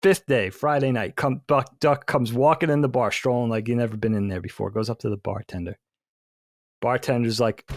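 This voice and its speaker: A man's voice: medium pitch, fairly even intonation, normal speed, no room sound, studio quality. A man in his thirties, a podcast co-host telling a long corny joke in a rambling, self-correcting way.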